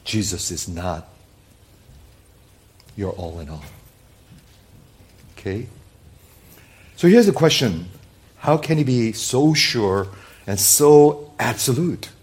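A male pastor preaching a sermon, stacking up rhetorical questions and speaking straight to his listeners, rising to loud emphatic peaks and then dropping to quiet, low endings. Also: sing-song, slow pace, pauses often. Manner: addresses listeners directly as "people".

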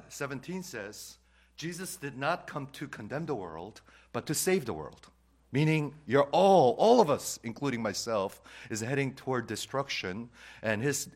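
A mid-range-voiced male pastor preaches a sermon, repeating key phrases and swinging between loud declarations and quiet asides.

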